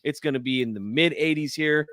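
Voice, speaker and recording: A man hosting a live boxing call-in show, chatting in a relaxed, friendly way. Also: a little high, a little fast, no echo, studio quality. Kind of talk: casual live-stream chat.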